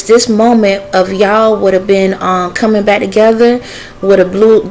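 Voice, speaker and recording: A woman's voice: medium pitch, darkish tone, a little hiss or hum, low-quality recording. A woman talking casually in a vlog, relaying messages she says come from spirits and stopping to ask them yes-or-no questions. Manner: chatty with frequent fillers and laughter. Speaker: spiritual messenger vlogger.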